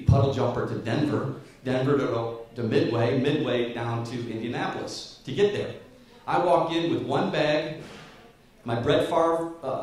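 A man's voice: medium pitch, recorded from a distance. Man in his fifties telling a story in an echoey hall. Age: 50s. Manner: storytelling, animated, chuckling through anecdotes. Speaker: guest speaker. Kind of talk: motivational speech.

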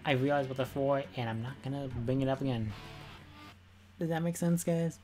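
A man streaming a video game, talking casually and excitably, repeating himself and swearing freely. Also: medium pitch, normal speed, soft background music. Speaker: gaming streamer. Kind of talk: casual gameplay commentary.

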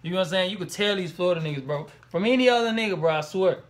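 A young man hosts a reaction video, talking very fast over music in a high voice. He comments in loose, animated slang, exclaiming and laughing between remarks.

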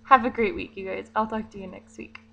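A woman's voice: mid-range voice, steady tone, brisk, gravelly, fairly bright tone, dull audio. A young woman vlogging casually, chatty and rambling, with fillers and little giggles. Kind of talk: casual vlog monologue.

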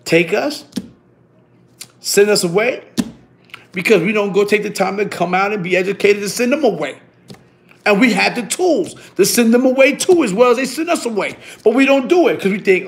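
A middle-aged man, telling stories in a casual, animated way, full of street slang and repeating himself. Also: high-pitched, moderate pace, vocal fry, a little hiss or hum. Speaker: interviewee. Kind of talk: casual storytelling.

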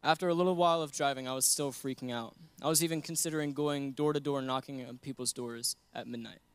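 A man's voice: mid-range voice, fairly even intonation, quick pace, clear, resonant tone. A young man giving an earnest sermon that mixes scripture with a personal story, often laughing between points. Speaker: guest preacher.

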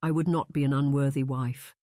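A wistful young noblewoman pining for a lost love, read by an audiobook narrator. She speaks in hushed, tired tones, close and dry, with a mid-range voice. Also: medium pitch, fairly even intonation, brisk, dry recording, natural voice. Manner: hushed, resigned delivery. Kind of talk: audiobook character reading.

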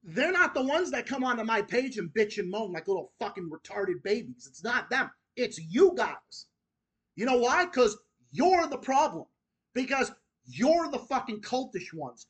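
A man's voice: very high voice, big pitch swings, moderate pace, a bit bright, husky. A man hosting his own channel, delivering an angry, profane, repetitive rant that goes straight at his critics. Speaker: channel host.

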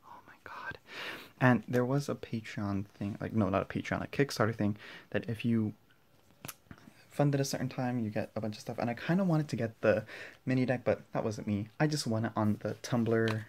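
A young man unboxing and walking through a card deck at home, excitable and gushing, often dropping to a hushed voice so his family won't hear. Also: fairly low pitch, normal speed. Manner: excitable, gushing, drops to whispers; talks quietly with family nearby. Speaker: tarot vlogger. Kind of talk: casual unboxing vlog. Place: indoor room at home.

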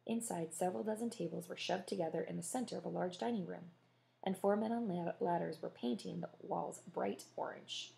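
A woman's voice: lowish voice, fairly quick, vocal fry, dark tone. A woman reading a children's book chapter aloud, chatty, with casual asides to listeners. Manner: chatty, self-correcting. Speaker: audiobook reader.

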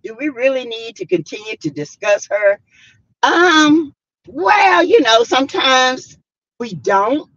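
A YouTube live stream host with a Southern American accent reads viewer comments, greets people by name, laughs often, and talks with lots of sass. Her high, slightly bright voice swings widely in pitch and moves slowly. The recording has no echo but the highs are cut off.

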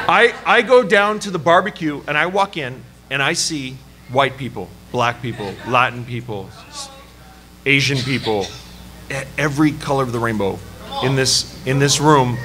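A man preaching a sermon at a church service, telling a personal story in an animated, joking way. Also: medium pitch, measured pace. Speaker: pastor. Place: church service before a congregation. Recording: live church hall with crowd. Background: audience laughing and calling out.

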